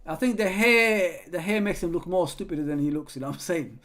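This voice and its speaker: A young man hosting a live football watch-along, chatting casually, reading viewer comments and breaking into excited play-by-play. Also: high-pitched, fairly quick. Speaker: fan channel host.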